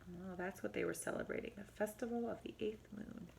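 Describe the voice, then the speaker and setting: A woman's voice: mid-range voice, gravelly, a little hiss or hum. A woman teacher reading a storybook aloud to young children, adding asides. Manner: animated, expressive, pauses to comment.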